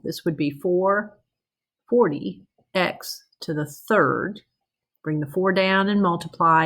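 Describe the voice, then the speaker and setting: Woman math teacher, bit low voice, chatty lecture style, lots of "okay?" and self-corrections. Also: a bit bright. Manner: conversational, checks in with "okay?", restarts and self-corrects. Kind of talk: recorded lecture walking through calculus problems.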